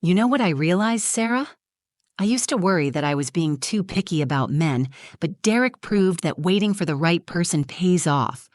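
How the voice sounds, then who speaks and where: A woman's voice: on the low side, lively intonation, normal speed, a little mellow, dry recording, studio quality, lightly acted. Smug, patronizing bride-to-be voiced by a woman narrator. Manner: preachy, patronizing.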